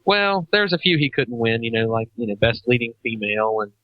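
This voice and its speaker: A man co-hosts a casual chat show, his relaxed talk full of pauses and restarts. The sound is dry and a little dull, as if from a modest mic. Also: mid-range voice, no room sound. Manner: relaxed, halting, with frequent restarts and fillers. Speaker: podcast co-host.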